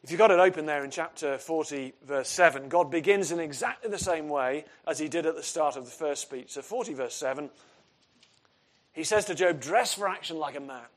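A man's voice: fairly high pitch, a little fast. A man preaching an expository sermon, earnest and emphatic, asking his listeners questions.

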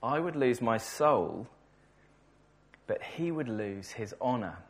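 A man preaching, quoting an old woman on her deathbed who answers with calm assurance. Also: mid-range voice, slow. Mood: assured.

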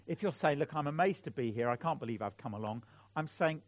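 A man's voice: a little high, animated, quick pace, dry recording. A middle-aged man preaching a sermon, telling a family story and then pleading earnestly with his listeners. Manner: earnest, pleading appeals to the audience.

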